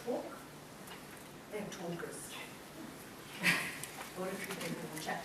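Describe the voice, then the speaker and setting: A woman's voice: fairly low pitch, unhurried, long pauses, background noise. A woman with an Australian accent giving a playful seminar talk to a live audience. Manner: playful, acts out flirty quotes with gasps and laughs. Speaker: business speaker. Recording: echoey room, mic far off.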